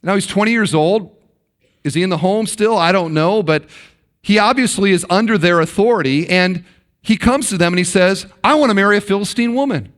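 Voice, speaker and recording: A middle-aged male pastor preaching a sermon in a conversational way, with dramatic pauses and acted-out quotes. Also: sits high.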